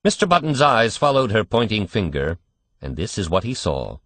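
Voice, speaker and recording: A man narrating a storybook reading with expressive storytelling. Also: fairly low pitch, normal speed, dry recording. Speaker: audiobook narrator. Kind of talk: scripted narration.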